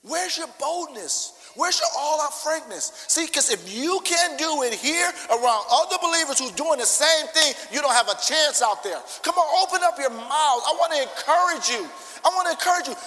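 A man's voice: extremely high pitch, expressive, normal speed, pushed and bright. A man pastor preaching a fervent sermon with emphatic, repeated declarations, recorded in a church. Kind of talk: sermon with congregational prayer. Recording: long echo of a large church hall.

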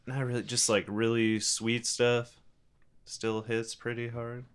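A man's voice: mid-range voice, little pitch movement, slow pace, clear, resonant tone. A man telling stories in casual chat, laughing often and saying "like" a lot. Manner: laughing storyteller, lots of "like".

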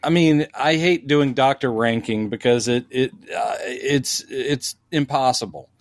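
A man co-hosting a casual podcast about TV and films, talking in an animated way and acting out quotes in funny voices. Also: medium pitch, unhurried, no echo. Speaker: podcast co-host. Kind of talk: casual pop-culture chat.

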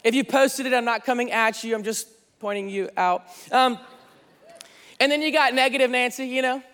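A man in his thirties, a pastor, preaching an energetic sermon with lots of jokes in a large church. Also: very high voice, normal speed, clear, resonant tone. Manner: energetic, joking. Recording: long hall reverb, faint music.

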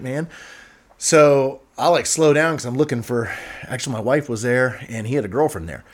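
A man of ordinary, middle pitch tells a rowdy tale over casual podcast chat, profane and rambling. He slips into quick voices for the people in his story, then drops back to his easy talking voice. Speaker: podcast host and barber.

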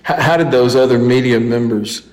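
A man's voice: medium pitch, a little fast, a little mellow, rough recording. Radio host man giving short reactions. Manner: brief encouraging reactions. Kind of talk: casual radio interview.

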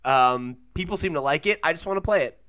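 A young man hosting a casual podcast, laid-back and quick to laugh, with lots of fillers. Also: a little high, lively intonation, fairly bright tone, clear, resonant tone. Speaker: podcast host.

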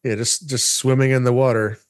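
A man hosting a casual podcast chat, brisk and wry as he moves the talk along. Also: mid-range voice, level tone.

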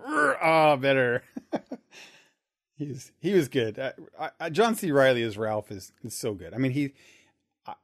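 A man co-hosting a podcast in casual chat, laughing often and repeating words as he thinks. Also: mid-range voice. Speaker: podcast co-host.

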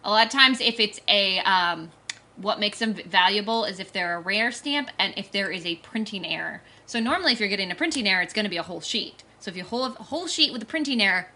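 A woman's voice: mid-range voice, expressive, sharp tone. A woman co-hosting a casual podcast, making her case assertively and laughing easily. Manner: assertive, argumentative, quick to laugh. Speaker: podcast co-host. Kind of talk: casual movie discussion.

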